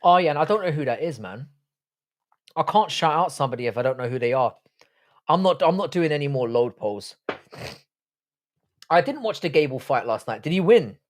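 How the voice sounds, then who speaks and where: A young man from the UK hosts a live stream, reading viewer comments aloud and answering them bluntly and with plenty of swearing. His pitch jumps around a lot as he reacts. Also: lively intonation, a little fast, long pauses. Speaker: livestream host.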